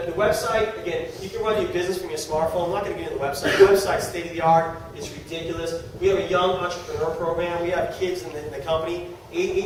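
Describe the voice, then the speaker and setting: Middle-aged male presenter, quick and high-pitched, pitching to a crowd, recorded far off in a very echoey room. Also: slight background noise. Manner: animated and joking, talks to the audience. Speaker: sales presenter. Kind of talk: live sales presentation to a room.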